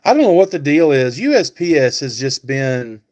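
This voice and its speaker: A man's voice: medium pitch, big pitch swings, moderate pace, darkish tone. Rambling man chatting on a live stream. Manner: rambling, thinks aloud with many fillers; talks back to chat viewers by name. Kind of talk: casual live stream chat.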